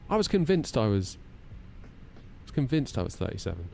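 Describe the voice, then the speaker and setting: A man's voice: mid-range voice, very animated, normal speed, vocal fry, dark tone, slight background noise. Chatty man in his thirties. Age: 30s. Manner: chatty, self-deprecating, talks through checklists. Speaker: flight-sim streamer. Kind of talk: casual live-stream chat.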